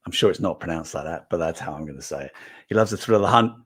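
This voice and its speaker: A middle-aged man with a fairly low voice hosts a relaxed livestream. He chats loosely and reads out viewer comments as he goes. His talk runs in long, animated stories. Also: very fast, slightly rough. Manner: animated, rambling storyteller. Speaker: host. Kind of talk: casual livestream chat reading comments.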